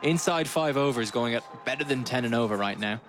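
A man calling a cricket match ball by ball, brisk and lively, lifting his voice on big shots and slipping in dry asides. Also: mid-range voice, noisy background. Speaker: cricket commentator. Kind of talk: live ball-by-ball commentary.

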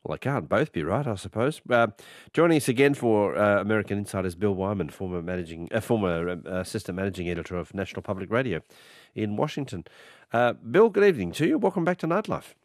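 Low-voiced male radio host, dry studio sound. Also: animated, dry recording. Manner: measured, with frequent uh fillers. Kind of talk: radio news interview.

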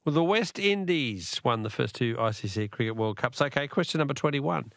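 An Australian man running a talkback radio quiz from the studio, with a gravelly edge to his voice. The sound is close and dry, with no room in it. He chats easily and keeps repeating the question to coax callers in. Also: medium pitch, animated, a little fast, no echo.

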